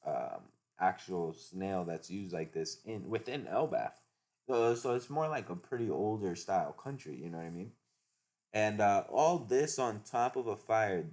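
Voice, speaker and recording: A man recapping a comic chapter in a relaxed, unhurried way. His voice sits low, and he fills his narration with casual asides. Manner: laid-back, filler-heavy narration.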